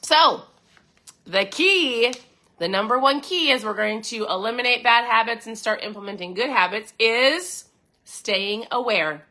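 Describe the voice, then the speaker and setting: A woman's voice: a little high, animated, unhurried, pushed and bright. A woman hosting a podcast, chatting in a casual, upbeat way to her listeners, reading passages from a book and commenting on them. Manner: addresses listeners directly with frequent check-ins. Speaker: podcast host. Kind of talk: casual motivational talk.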